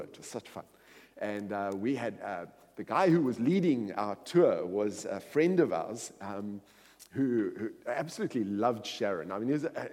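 Middle-aged male preacher, rambling anecdotal delivery, lively pitch, long hall reverb. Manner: rambling anecdotal with many fillers. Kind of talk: storytelling sermon.

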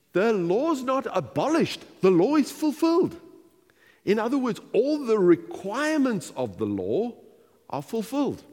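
A man preaching a sermon as pastor, animated and emphatic, repeating key phrases for weight. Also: sits high, long reverb tail.

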